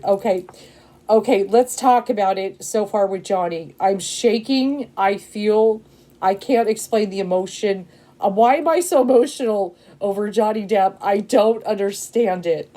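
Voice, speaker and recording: A woman's voice: medium pitch, unhurried. Emotional woman doing a tarot reading. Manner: emotional and excitable, rambling with many fillers and "okay?" checks. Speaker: tarot reader. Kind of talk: casual tarot reading to camera.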